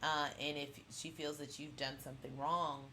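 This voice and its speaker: A woman's voice: sits low, little pitch movement, normal speed, bright, forceful tone, a little hiss or hum. A woman hosting a pop culture channel, casually recapping an episode in a rambling way full of fillers and restarts.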